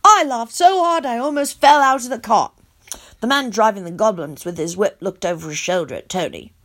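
A woman narrating a storybook in the first person, her voice animated and childlike. Her pitch sits a little high and swings widely through each sentence. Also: normal speed.

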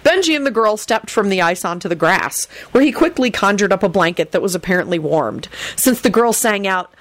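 A woman reading an audiobook in a lively, expressive storytelling manner. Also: mid-range voice, a little fast, dry recording. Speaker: audiobook narrator. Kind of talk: audiobook narration.

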